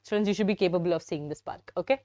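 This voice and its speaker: A woman's voice: fairly low pitch, rapid-fire, dark tone, no room sound. A young woman with an Indian English accent teaching a live biology class, chatty and teasing, often turning to her students. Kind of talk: live online biology lesson.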